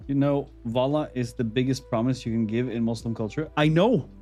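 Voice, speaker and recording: A man with a Norwegian accent chats loosely with his stream audience, his voice sitting at an ordinary middle pitch. He rambles and chuckles, slipping into small rants. Soft music plays faintly behind him. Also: brisk. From Norway. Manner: rambling, chuckling, mildly ranting. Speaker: livestreamer. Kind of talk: casual chat with viewers.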